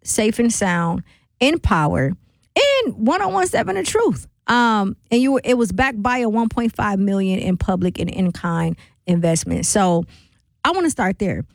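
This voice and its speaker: A woman's voice: mid-range voice, expressive, measured pace, creaky, no room sound. A woman hosting a radio show, chatting casually and laughing often with an upbeat delivery. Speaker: radio host. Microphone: studio microphone.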